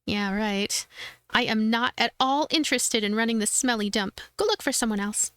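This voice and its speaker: A woman's voice: fairly high pitch, normal speed, a bit bright, smooth, no room sound, natural voice. A woman voicing a grumpy young witch in a game, snappy and indignant.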